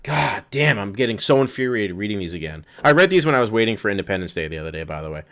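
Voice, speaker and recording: A man's voice: lowish voice, sing-song, fast talker, fairly bright tone. A man ranting angrily and profanely while reading rules aloud in a vlog. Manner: profane, exasperated, sarcastic. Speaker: vlogger.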